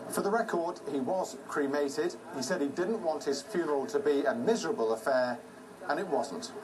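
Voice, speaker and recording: Brief: male field reporter, measured news read, distant mic, heavy noise. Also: a little high.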